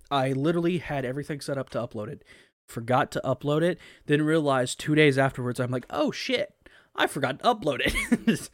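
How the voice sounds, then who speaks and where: A young man hosts a laid-back podcast chat in a medium-pitched voice. He rambles, swears freely and leans on fillers as he talks. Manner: rambling and profane, with frequent fillers and laughter. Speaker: podcast host.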